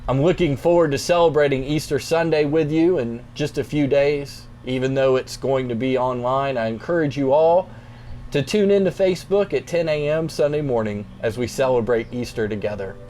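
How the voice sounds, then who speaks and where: A young man, a youth pastor, reading scripture and then explaining it in a relaxed, conversational devotional talk. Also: mid-range voice, normal speed, slight background noise. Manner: relaxed, conversational, plainspoken encouragement.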